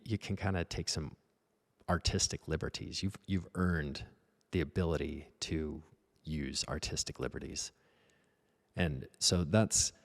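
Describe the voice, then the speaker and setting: Deep gravelly-voiced man painter. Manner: rambling, anecdotal, self-deprecating. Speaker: painter and art teacher. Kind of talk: casual talk while painting.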